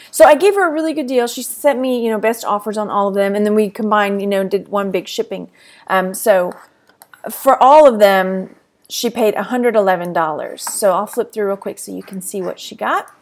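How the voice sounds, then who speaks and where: A woman's voice: mid-range voice, moderate pace. A woman with a Texan accent chatting casually to camera as a reselling vlogger, rambling and laughing often, a little tired. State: tired, yawning.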